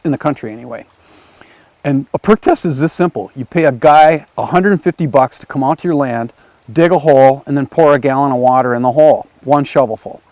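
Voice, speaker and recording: Man telling a lively class story. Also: fairly high pitch, no echo. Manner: conversational, lively retelling with acted quotes. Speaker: teacher. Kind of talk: storytelling lecture for a video class. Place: his home area in the countryside.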